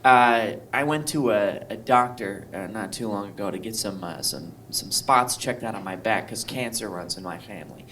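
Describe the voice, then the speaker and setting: A man's voice: fairly low pitch, normal speed, few pauses, noisy background. A man doing a stand-up set and then chatting at a bar, telling stories with many hesitant fillers. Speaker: stand-up comedian, guest.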